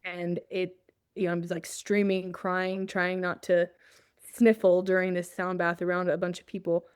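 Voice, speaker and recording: A woman's voice: lowish voice, flat delivery, moderate pace, smooth, no echo, clean studio sound. A woman guest on an interview show, telling a personal story in a casual way, often laughing and acting out her own thoughts. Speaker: guest, journalist.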